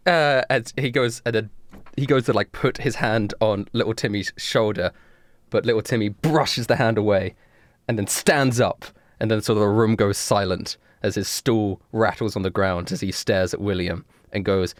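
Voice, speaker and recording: A man narrating a tabletop game as game master, casual and halting. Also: lowish voice, no echo, clean studio sound.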